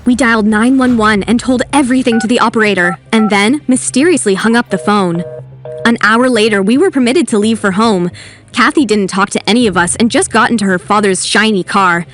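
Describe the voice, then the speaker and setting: Woman doing a sarcastic determined teen girl telling her story, high voice. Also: fairly quick, faint music behind, close to an everyday voice. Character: teen schoolgirl narrator, brave and sarcastic. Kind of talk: first-person animated story narration.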